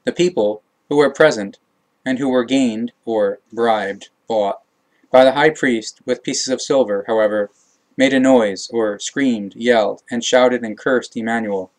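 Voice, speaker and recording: A man reading a religious text aloud as an audiobook narrator, measured, with occasional self-corrections. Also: mid-range voice, a little mellow, rough recording.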